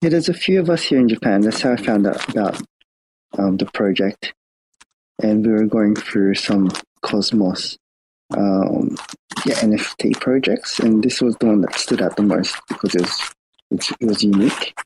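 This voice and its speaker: A man's voice: fairly low pitch, normal speed, noisy background. A man from Australia with an Australian accent, talking in a modest, laid-back way. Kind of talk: casual chat.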